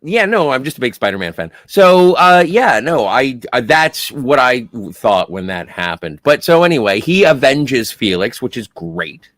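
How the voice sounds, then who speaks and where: Excitable man with a bouncing voice. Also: mid-range voice, moderate pace, hardly any pauses, no echo. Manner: enthusiastic fan, excitable asides. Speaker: podcast co-host. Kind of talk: casual podcast chat.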